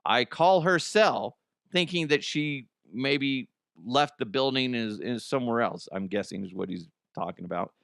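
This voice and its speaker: A man's voice: medium pitch, normal speed, gravelly, dry recording, clean studio sound. A man hosting a comedy podcast, reading out listener ghost stories and riffing on them with frequent laughter and swearing. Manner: excitable, laughs often, swears freely. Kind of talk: comic commentary on listener stories.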